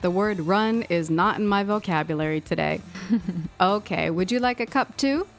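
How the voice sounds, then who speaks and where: A woman's voice: medium pitch, moderate pace, soft background music. Sleepy-sounding woman podcast co-host. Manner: sleepy and apologetic, explaining. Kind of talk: scripted English-lesson dialogue.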